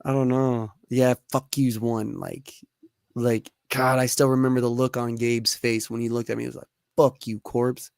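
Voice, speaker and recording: Casual and animated, a young co-host spins stories on a podcast, swearing freely in a mid-range voice at normal speed. His tone is clear and resonant with some vocal fry, and the studio sound is clean with no echo.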